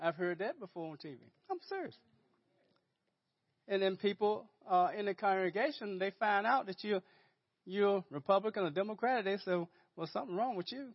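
Man, pastor, sermon, high voice, stumbling restarts, muffled lo-fi recording. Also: moderate pace. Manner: conversational preaching, frequent repeated words and restarts. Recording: dull lo-fi sermon audio.

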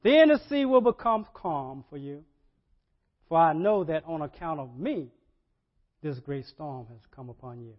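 A man preaching a sermon, animated, repeating words and rising to loud emphasis. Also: on the high side, a little slow. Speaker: pastor. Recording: dull lo-fi sermon audio.

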